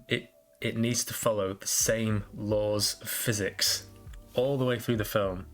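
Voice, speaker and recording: A man's voice: fairly low pitch, a bit bright. A man hosting a casual solo podcast, rambling and self-deprecating with lots of restarts. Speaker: podcast host.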